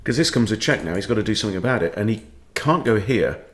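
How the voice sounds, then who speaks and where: Quick-paced and with lively intonation, a somewhat low-voiced chess coach talks through his own live game. He muses aloud loosely and playfully, and joking remarks pop up between his lines of analysis.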